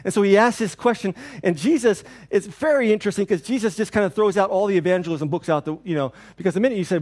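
A middle-aged male pastor preaching in a loose, conversational way, his voice sitting a little higher than most men's. He is animated, acting out the people he quotes, then turns quiet and soft when the passage becomes tender. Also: fast talker, hardly any pauses. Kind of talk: sermon.

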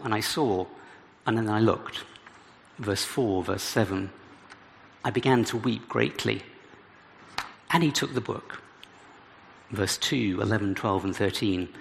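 A man's voice: fairly low pitch, vocal fry, a bit bright. A man preaching an expository sermon, reading scripture aloud and adding dramatic emphasis as he explains it. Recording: reverberant hall with faint background noise.

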